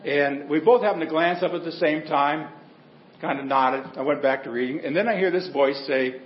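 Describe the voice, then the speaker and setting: Higher-voiced man preaching, echoey hall. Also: normal speed, dull audio. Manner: conversational storytelling with humor. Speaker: pastor. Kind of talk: sermon.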